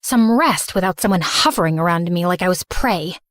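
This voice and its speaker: A woman narrating in first person as a remorseful, misunderstood teenage girl, earnest and soft. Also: fairly low pitch, expressive, brisk, no room sound, studio quality. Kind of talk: scripted story narration.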